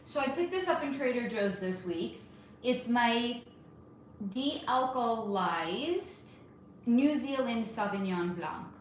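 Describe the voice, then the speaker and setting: A woman in her thirties from California, hosting a casual livestream and greeting viewers by name, calling them honey and darling. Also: mid-range voice. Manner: warm-toned, calls viewers honey and darling, chatty and animated. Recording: very echoey room with faint ambient noise.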